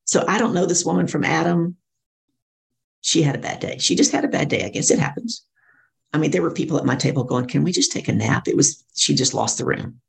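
A middle-aged woman, a professional speaker and coach, telling her story in an interview and acting out other people's lines in lively voices. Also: sits low, a little fast, gravelly.

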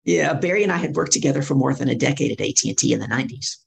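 A middle-aged woman, a professional speaker and coach, telling her story in an interview and acting out other people's lines in lively voices. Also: very deep voice, very fast, vocal fry.

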